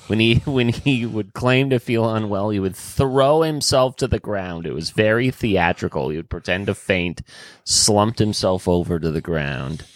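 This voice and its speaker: A man hosting a podcast in relaxed, casual chat, asking questions and steering the conversation. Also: on the low side, a little slow, no echo.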